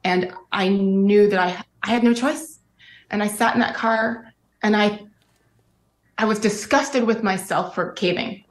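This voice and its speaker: A middle-aged woman speaks candidly in an interview clip. Her voice is mid-pitched and earnest, and the sound carries a roomy echo. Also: fairly even intonation, unhurried. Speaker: guest.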